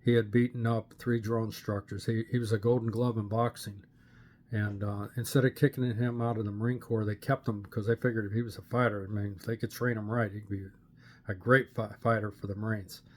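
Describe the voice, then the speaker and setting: An older man from Pittsburgh, Pennsylvania, telling his personal faith story to a camera in an earnest, plain-spoken way with many "uh" pauses. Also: lowish voice, little pitch movement, a little mellow. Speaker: channel host sharing his testimony. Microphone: camera facing the speaker.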